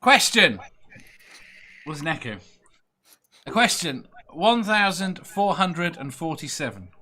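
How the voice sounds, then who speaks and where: Male quiz host from Merseyside; bright, slightly high voice; loose, giggly delivery. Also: lively intonation, measured pace. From Merseyside, England. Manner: chuckles often, loose and rambling. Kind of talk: casual podcast chat.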